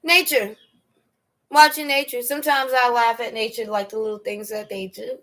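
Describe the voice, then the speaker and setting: A woman's voice: fairly high pitch, little pitch movement, normal speed, pushed and bright. A woman hosting a casual storytelling livestream, chatty and slangy, often laughing as she answers viewers' questions. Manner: laughs often while telling stories. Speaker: livestream host.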